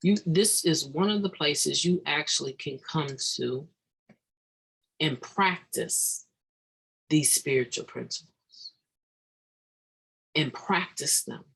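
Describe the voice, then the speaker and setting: A recovery speaker shares a daily meditation in a slow, gravelly, husky voice. The talk is earnest and halting, with frequent restarts and sudden emphatic pushes on key points. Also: mid-range voice, a bit bright, rough recording.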